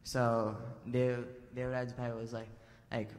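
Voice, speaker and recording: A man's voice: mid-range voice, steady tone, a little slow. A man telling a spiritual story to a temple assembly in a casual way, full of fillers and restarts. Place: large temple assembly hall. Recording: long reverb hall.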